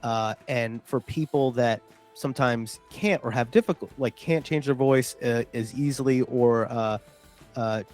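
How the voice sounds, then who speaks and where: Guy rambling thru tips on a gaming talk show, mid pitch, faint music behind. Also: a little slow, darkish tone. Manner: explanatory, many filler sounds. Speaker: podcast co-host. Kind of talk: casual chat about tabletop gaming.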